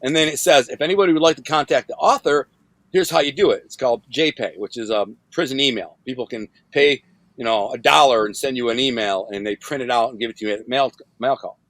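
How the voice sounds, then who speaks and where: A man from Detroit telling his life story as a guest, in a casual, animated way, acting out what others said and repeating words for emphasis. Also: fast talker, dry recording. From Detroit, USA. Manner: animated, acts out quoted voices with big pitch jumps.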